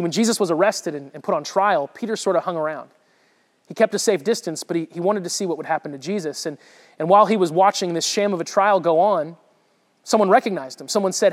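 A man's voice: sits high, long reverb tail. A man giving a conversational sermon, retelling a Bible story with frequent restarts and repeated words. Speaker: preacher.

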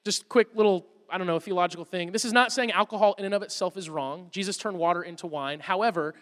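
A man in his thirties, a pastor preaching a sermon, telling a funny, animated story about his son. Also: high-pitched, fast talker. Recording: long hall reverb.

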